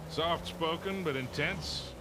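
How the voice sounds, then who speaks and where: An actor playing a seasoned older male smuggler in a game, telling an old story in a dry, unhurried way, heard through game audio. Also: a little high. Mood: wry. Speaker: game character, older treasure hunter. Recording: game audio under gameplay noise.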